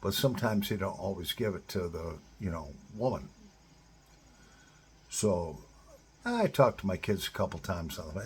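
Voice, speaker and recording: A man's voice: deep voice, very animated, moderate pace, long pauses, a little hiss or hum. A middle-aged man giving blunt, profane advice straight to other men in a casual monologue. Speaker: advice-giver to divorced fathers.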